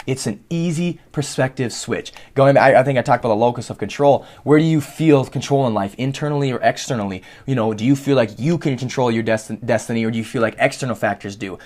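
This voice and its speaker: A man's voice: mid-range voice, darkish tone. A man hosting his own podcast, rambling through a casual, profane monologue. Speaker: podcast host.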